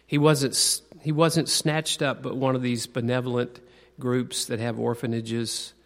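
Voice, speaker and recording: A man's voice: mid-range voice, level tone. Man preaching in a reverberant hall. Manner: asks the audience questions, then slows on key words. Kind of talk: conversational sermon. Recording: long reverb of a large hall.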